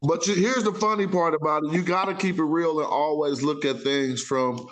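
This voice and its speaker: A man's voice: on the high side, normal speed, a bit bright. A man hosting a casual talk show, rambling in loose street slang with frequent self-interruptions. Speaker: podcast host. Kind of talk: casual chat.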